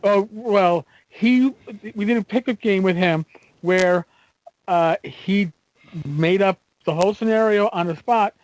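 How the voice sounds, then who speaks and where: High-voiced animated podcast man. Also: no room sound, rough recording. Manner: animated storyteller, halting with fillers. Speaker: podcast co-host. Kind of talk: casual chat.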